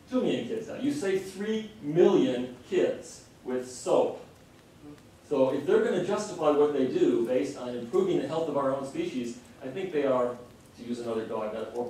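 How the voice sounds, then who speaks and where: A man's voice: mid-range voice, dark tone, a little hiss or hum. A middle-aged man giving an earnest, impassioned public lecture. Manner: earnest, impassioned, varying pace. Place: lecture hall. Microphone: distant room mic. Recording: very echoey hall recording from a distance.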